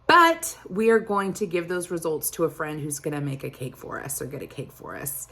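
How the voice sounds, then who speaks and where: Young woman, vlogger, candid chatty talk, slightly low voice, loose rambling delivery. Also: expressive, normal speed, gravelly, few pauses, fairly bright tone, breathy edge. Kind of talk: casual chat.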